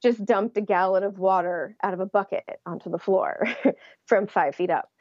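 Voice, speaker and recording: A woman's voice: mid-range voice, fairly even intonation, normal speed, darkish tone, no echo, lo-fi sound. A young adult woman, an interview guest, telling her story in a casual way and laughing often. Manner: laughs often while recounting.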